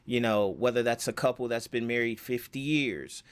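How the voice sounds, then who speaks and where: A man's voice: medium pitch, normal speed, clean tone. A man giving a casual self-help lesson, rambling with fillers and rhetorical questions.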